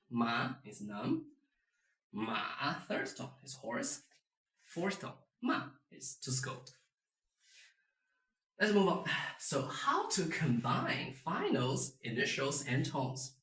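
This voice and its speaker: Guy teaching tones, slow, bouncy pitch, roomy sound kinda far off. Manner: animated, demonstrates tones with sung and exaggerated sounds. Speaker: Mandarin teacher. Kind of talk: beginner pronunciation lesson. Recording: roomy, a bit off-mic.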